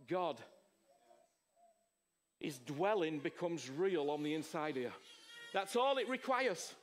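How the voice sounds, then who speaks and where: Male preacher, very high voice for a man, emphatic sermon, rhetorical questions, loud to hushed. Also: animated, measured pace, long pauses.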